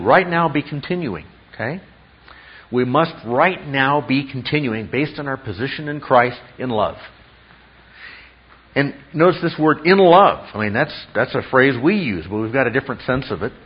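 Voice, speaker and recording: Husky-voiced male pastor preaching. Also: medium pitch, normal speed. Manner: teacherly, asks the congregation rhetorical questions. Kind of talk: expository sermon. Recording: dull lo-fi sound.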